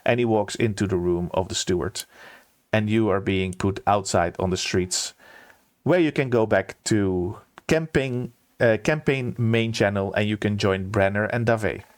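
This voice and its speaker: A man's voice: on the low side, measured pace. Man narrating a tabletop game. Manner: casual, dramatic storytelling. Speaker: game master.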